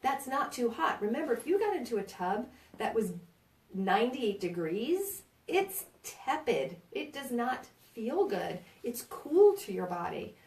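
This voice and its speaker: A woman's voice: fairly high pitch, big pitch swings, a little slow, a little mellow. A woman with a New York accent teaching a birth class in a chatty, reassuring way, often checking in with "right?". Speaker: birth center educator. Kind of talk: informal prenatal class talk. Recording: roomy sound from a distant mic.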